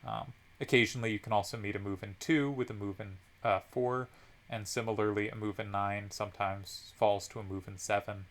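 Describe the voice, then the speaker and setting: A man's voice: on the low side, steady tone, a little fast, a bit bright. A man commentating a card game tournament, analyzing each move step by step with frequent ums.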